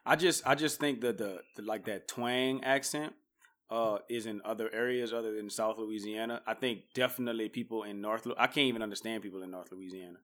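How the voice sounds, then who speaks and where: A man co-hosts a casual podcast and talks quickly. He gives his opinions in an amused way, with small chuckles. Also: fairly low pitch, steady tone, fairly bright tone. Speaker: podcast co-host.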